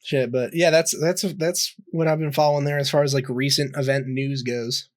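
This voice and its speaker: A man's voice: medium pitch, steady tone, moderate pace, dry recording. Young male podcast co-host, loose rambling storyteller, swears freely, dry close sound. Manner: rambling, swears a lot, many fillers and restarts. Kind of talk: casual storytelling chat.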